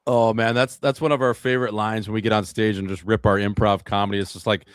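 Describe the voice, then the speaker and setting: A man's voice: on the low side, level tone, fast, smooth, dry recording. A man guesting on a podcast, trading loose, crude jokes in casual chat. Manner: loose, joking, crude banter.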